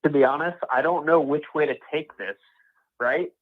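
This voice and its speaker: A man's voice: fairly high pitch, moderate pace. A man calling in from Florida, speaking candidly and hesitantly about feeling torn. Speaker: caller. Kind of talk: phone-in chat. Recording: dull lo-fi call line.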